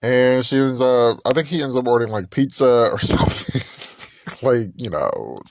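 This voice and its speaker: A man's voice: mid-range voice, big pitch swings, normal speed, creaky, no room sound. A young man hosting a podcast, animatedly recapping a reality TV episode, acting out the people in it and laughing often. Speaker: podcast host.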